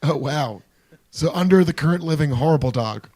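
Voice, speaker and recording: A man with a head cold and a hoarse voice, co-hosting a casual comedic podcast chat in a joking, sarcastic way. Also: a little high, expressive, moderate pace, dark tone. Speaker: podcast co-host. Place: small hot room.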